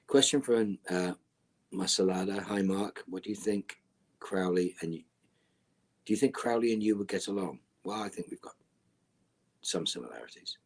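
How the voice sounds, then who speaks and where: Deep husky guy reading out fan questions, laid back, trails off quiet. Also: moderate pace, long pauses. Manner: relaxed, drifts into a low near-whisper at line ends. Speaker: actor answering fan questions.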